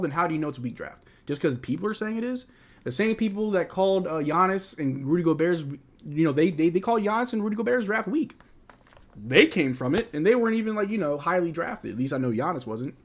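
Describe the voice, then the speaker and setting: A man hosting a live basketball watch-along, calling plays with excitement and chatting casually about the team. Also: a little high. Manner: casual, excitable play-by-play mixed with candid fan opinions. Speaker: fan livestream host.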